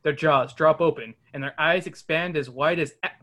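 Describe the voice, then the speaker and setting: A podcast host reading a choose-your-path storybook aloud in a casual, lively way. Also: mid-range voice, normal speed. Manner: lively, laughing narration. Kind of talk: casual book reading with chat.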